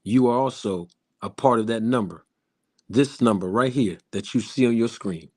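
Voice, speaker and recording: A man putting on a smooth, low crooning voice as a suave male R&B singer. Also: darkish tone, dry recording, clean studio sound, natural voice. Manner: low, velvety, drawn-out crooning.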